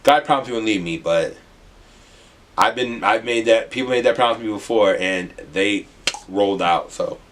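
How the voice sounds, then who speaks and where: A young man from the US Midwest, telling a rambling, animated storytime with some swearing. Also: fairly low pitch, normal speed, a little hiss or hum. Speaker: vlogger. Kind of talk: casual storytime.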